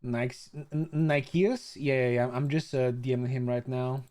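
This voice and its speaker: A man's voice: mid-range voice, normal speed, a little mellow. A young adult man from Bulgaria chatting casually with his live stream viewers, stammering through restarts, swearing freely and greeting chatters by name.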